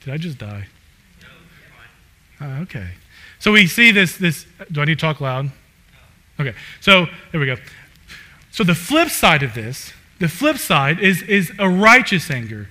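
A man delivers a sermon in a chatty, unpolished way, leaning on "like" as he goes. His voice sits a little high and rings very bright. He swells into loud, emphatic runs and then sinks into quiet, low asides. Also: sing-song, measured pace, long pauses. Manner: frequent "like" fillers, conversational. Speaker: preacher.

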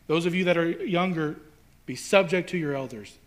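A man's voice: fairly high pitch, normal speed. A male pastor preaching a sermon in a conversational, emphatic way, building to rhetorical questions.

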